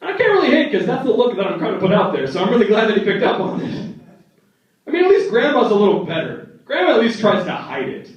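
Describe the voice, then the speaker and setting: A young stand-up comedian tells animated stories on a comedy club stage, his fairly high voice jumping around as he slips into quick impressions of family members. Recorded from the back of the club, the sound is dull, distant, and heavy with room echo.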